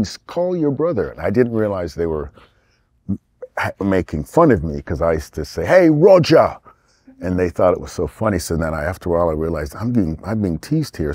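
Deep bass male voice, actor from england, interview guest, rambling and animated, dry sound. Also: slightly rough, no echo. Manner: rambling, restarts often, animated asides. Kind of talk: casual interview talk.

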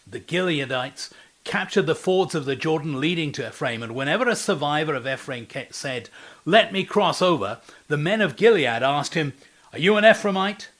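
A man with a slightly high voice preaches a devotional talk. He tells a scripture story, then asks the listener rhetorical questions. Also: expressive, normal speed, fairly bright tone.

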